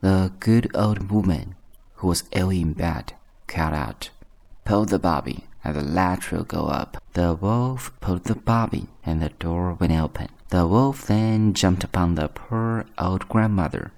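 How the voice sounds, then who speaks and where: A man reading a bedtime story aloud as an English teacher, in a calm, measured telling. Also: low voice.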